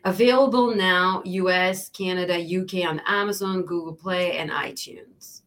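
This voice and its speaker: A woman's voice: on the low side, steady tone, normal speed, fairly bright tone. A woman co-hosting a casual livestream who speaks English as a second language, chatty and teasing. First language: not English. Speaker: co-host.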